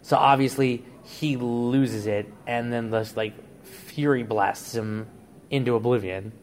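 A man's voice: medium pitch, steady tone, measured pace, slight background noise. A man on a podcast, casually laying out a plot idea in a rambling way. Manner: rambling storyteller, frequent restarts and "like". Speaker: podcast co-host.

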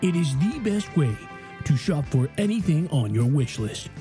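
A man putting on the smooth voice of a male countdown radio host to read a mock commercial. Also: on the high side, big pitch swings, normal speed, music in the background. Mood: announcer-smooth.

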